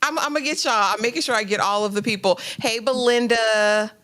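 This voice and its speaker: Animated woman greeting a live-stream chat. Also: a little high, a little fast. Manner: greets chat viewers by name, animated and emphatic. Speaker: co-host of a live TV recap stream.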